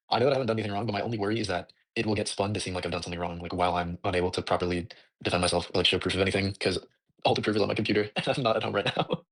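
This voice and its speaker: A man's voice: lowish voice, husky. A young man casually retelling a dispute in a rambling way, full of "like" and nervous laughs. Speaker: voice recording clip.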